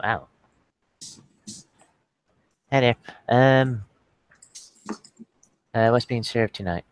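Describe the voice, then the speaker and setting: A man's voice: medium pitch, extremely slow, clean tone, dry recording, voice pushed up. A man voicing a small, naive female changeling in a tabletop game, asking earnest, bewildered questions. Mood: curious. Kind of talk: tabletop role-play.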